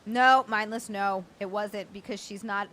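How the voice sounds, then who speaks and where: A young adult woman hosts a casual livestream chat in a steady, unhurried, mid-range voice that's a bit bright. Overwhelmed with delight as she thanks viewers, she stammers, laughs and swears.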